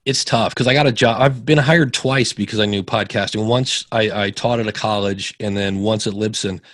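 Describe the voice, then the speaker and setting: A middle-aged man with a fairly low voice tells stories in a relaxed interview, jumping way up in pitch whenever he quotes someone. The sound is dry and close, with no room around it. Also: normal speed, no room sound. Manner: animated, acts out quoted voices with big pitch jumps. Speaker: podcaster guest. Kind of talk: casual interview storytelling.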